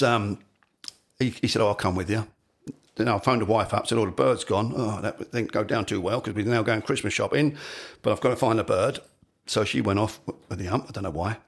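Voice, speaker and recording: A middle-aged man telling rambling anecdotes as an interview guest, peppered with "you know". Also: mid-range voice. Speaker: falconer and guest. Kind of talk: anecdotal storytelling.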